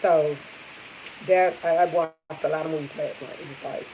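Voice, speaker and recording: A woman's voice: low voice, steady tone, normal speed, dark tone. A woman vlogger chatting casually with live viewers over morning coffee, rambling and repeating herself. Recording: dull lo-fi sound with faint hiss.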